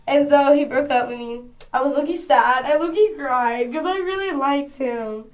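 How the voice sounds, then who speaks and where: A woman's voice: high-pitched, moderate pace, hardly any pauses. A woman telling a casual storytime to her phone camera at home, chatty and full of slang. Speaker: vlogger.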